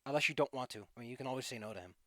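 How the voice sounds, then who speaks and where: A man's voice: mid-range voice, very fast, pushed and bright, dry recording, studio quality. A man running a tabletop game as game master, narrating combat and rules in a chatty, joking way over a voice call.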